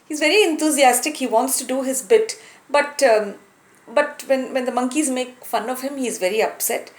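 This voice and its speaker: A woman telling a moral story as a lesson, in a warm, unhurried way with some hesitation, recorded in a room with a roomy echo. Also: high-pitched. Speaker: storyteller, teacher.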